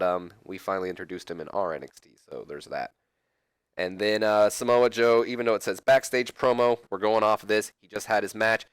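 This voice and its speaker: A man's voice: lowish voice, clean tone, no echo. A man hosting a let's play, giving rambling, casual gameplay commentary with self-correcting asides and jokes to his viewers.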